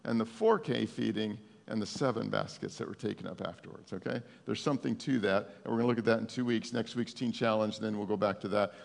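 Gravelly folksy preacher man, reverberant hall. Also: on the low side, quick pace, hardly any pauses. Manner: folksy, emphatic, stumbles and repeats words. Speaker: pastor. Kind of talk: conversational sermon.

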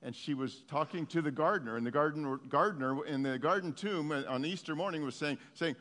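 A man's voice: a little high, brisk, few pauses, fairly bright tone. A man preaching a sermon, telling stories in an earnest, heartfelt way. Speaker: pastor. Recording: long reverb of a hall.

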